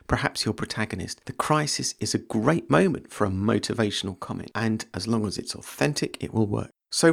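A man teaching creative writing in a podcast lesson, measured and explanatory, reading passages aloud. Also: fairly low pitch, vocal fry.

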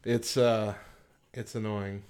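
A man's voice: fairly low pitch, level tone, takes it slowly, a little mellow, smooth. A man hosting a radio show, chatting wryly and switching to upbeat announcements and sponsor reads. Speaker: radio host.

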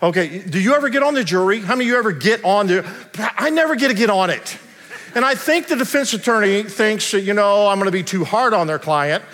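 A man preaches to his congregation, trading casual, joking storytelling for slow, emphatic preaching. His voice rings out with a long reverb through a large church sanctuary. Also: high voice, lively intonation, fairly bright tone. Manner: storytelling, conversational and humorous, slows down to preach. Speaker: pastor. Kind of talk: sermon.

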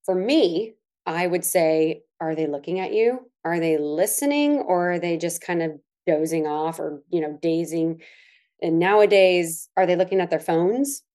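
A middle-aged woman with a fairly low voice talks through practical advice in an easy, earnest way. She often slows to lean on the words that matter, then picks the pace back up in a relaxed chat. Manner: earnest, explanatory, slows to stress key words. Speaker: co-host.

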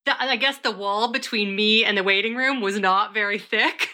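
A woman's voice: fairly high pitch, moderate pace. A woman co-hosting a podcast, telling a frank personal story in casual chat. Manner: chatty storyteller, frank and animated. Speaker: podcast co-host.

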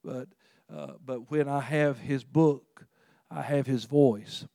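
A man preaching a sermon in a conversational, earnest way, with frequent restarts and sudden rises in pitch and volume. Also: slow pace, mellow, dry recording, clean studio sound. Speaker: pastor.

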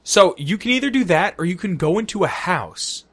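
A man with a high, husky voice speaks at normal speed as a co-host of a casual gaming podcast. He retells game moments in an animated way, swearing and laughing as he tells the stories.

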